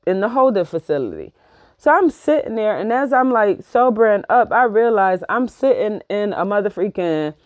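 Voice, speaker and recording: A woman, telling a personal story in a casual, slangy, profane and animated way. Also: medium pitch, dry recording. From New York. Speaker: vlogger.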